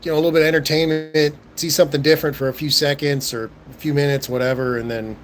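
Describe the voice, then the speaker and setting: A young man with a relaxed Southern Californian accent chats casually on a livestream. He answers his viewers in a laid-back way, stumbling over his words and chuckling often. His voice sits a touch high for a man, with a faint hiss of noise behind it. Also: fast talker. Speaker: livestream host.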